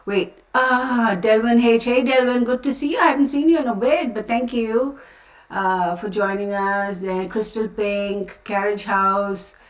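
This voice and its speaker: A woman with a Texan accent talks casually to her livestream viewers, with frequent asides and self-corrections. She sits a little back from the mic in a roomy space, so her voice picks up some echo. Her pitch sits in an ordinary middle range. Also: unhurried, far from the mic. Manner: chatty, self-interrupting, addresses viewers as y'all. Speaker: tarot reader, channel host.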